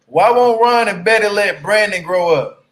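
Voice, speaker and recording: The speaker, a reality show recap YouTuber, has a high-pitched, fairly bright voice. He runs through the episode with a casual, swear-heavy, blunt rant, drawing out words for emphasis and repeatedly asking "you hear me?"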